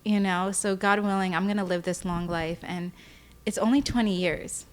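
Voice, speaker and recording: A woman's voice: medium pitch, steady tone, normal speed, background noise. A young woman speaking candidly as a podcast guest, often emotional and tearful, with many fillers. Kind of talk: candid personal interview.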